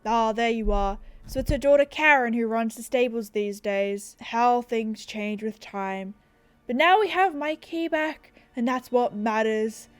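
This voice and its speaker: A woman doing an old farmer come home after decades away, his words slow and worn. The voice sits deliberately low and gruff for a game quest read-aloud, a bit unsure of itself. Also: no echo, natural voice. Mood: nostalgic. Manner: struggling, low put-on old man voice.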